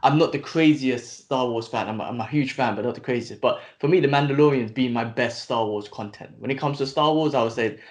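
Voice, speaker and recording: An enthusiastic man co-hosting a podcast who gets excited talking and swears casually. His voice sits at an ordinary middle pitch. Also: fairly quick, few pauses. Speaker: podcast co-host. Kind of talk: casual chat.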